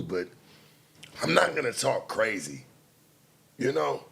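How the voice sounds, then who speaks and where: A man hosting a late-night show, talking in a blunt, profane casual monologue with sudden loud outbursts. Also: medium pitch, very animated, slow pace, creaky, husky.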